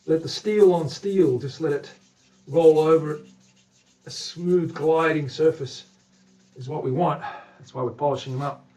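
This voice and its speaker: A guitar builder hosts a livestream, chatting casually and upbeat with viewers and a helper while he works in the workshop. His voice is kind of high, and he swings from loud bursts to quiet mumbling to himself.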